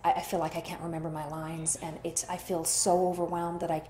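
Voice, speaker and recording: A woman's voice: lowish voice, flat delivery, fairly quick, warm tone, a little hiss or hum. A woman actor in an interview, chatty and rambling, telling stories and acting out the dialogue. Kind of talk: candid interview storytelling. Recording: roomy echo.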